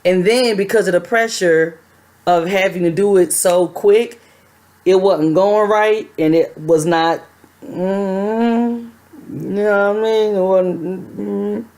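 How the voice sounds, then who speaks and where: A young adult woman telling a personal story to her camera in a chatty, animated way. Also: mid-range voice, slow pace. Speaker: vlogger.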